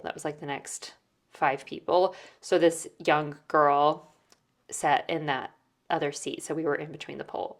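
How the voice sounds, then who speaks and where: Female host, low voice, casual storytelling recap, filler-heavy. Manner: chatty, many "like" and "um" fillers. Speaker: podcast host.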